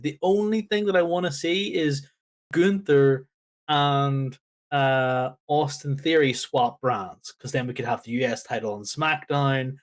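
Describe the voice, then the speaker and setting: A man co-hosting a casual podcast chat, ranting in an exasperated, animated way. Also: fairly high pitch, measured pace. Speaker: podcast co-host.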